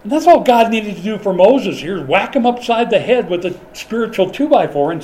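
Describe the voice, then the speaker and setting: A man's voice: high-pitched, very animated, moderate pace, few pauses, a little mellow. An older man preaching a sermon in a folksy, storytelling way. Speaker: pastor.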